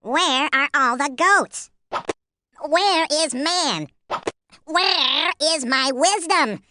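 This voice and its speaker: A woman voicing a proud male tiger in a children's story, speaking slowly and emphatically. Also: fairly high pitch, big pitch swings, background noise. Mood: desperate. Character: mighty proud male tiger, impatient then desperate.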